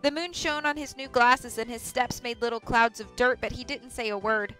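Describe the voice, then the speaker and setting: A woman reads a novel aloud on a livestream, with clear and measured storytelling. Her voice is bright and forceful, sitting a little high for a woman. Her pace is even and steady. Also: soft background music, poor audio. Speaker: audiobook reader.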